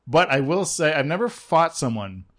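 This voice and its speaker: Animated man telling stories, slightly high. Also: normal speed. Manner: animated, laughs often, acts out quotes. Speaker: podcast co-host. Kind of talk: casual chat, storytelling.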